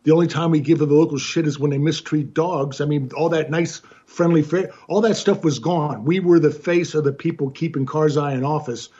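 A man and military veteran in a casual chat, speaking haltingly and restarting mid-sentence. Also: a little high, warm tone, breathy edge, highs cut off.

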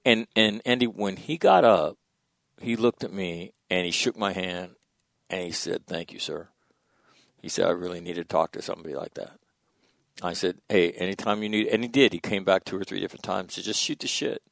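Gravelly, blunt, low-voiced man. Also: normal speed, no room sound. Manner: blunt, profane, drops to a hush for quoted dialogue. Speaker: guest, former military officer. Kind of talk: storytelling in a podcast conversation.

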